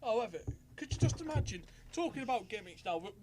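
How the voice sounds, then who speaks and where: A man's voice: very high-pitched, sing-song, fast talker, background noise. A man co-hosting a wrestling podcast, laughing as he retells stories. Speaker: podcast co-host. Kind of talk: casual wrestling chat.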